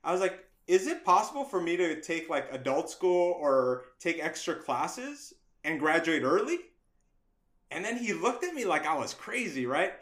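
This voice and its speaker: A middle-aged man, a guest on an interview podcast, telling stories from his youth in a casual, animated way and acting out the voices of people he quotes. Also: a little high, normal speed. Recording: roomy echo.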